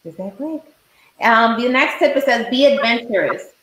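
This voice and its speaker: Higher-voiced woman host in an echoey room. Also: moderate pace, slight background noise. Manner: animated, reacts with short exclamations. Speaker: interviewer host. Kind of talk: casual interview chat. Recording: echoey room, faint clicks.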